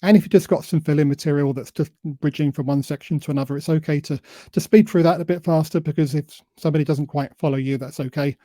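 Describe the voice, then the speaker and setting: A man giving a presentation on public speaking, who admits he tends to talk too fast and deliberately varies his pace and emphasis. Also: on the high side, steady tone, dark tone, no room sound. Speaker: invited speaker.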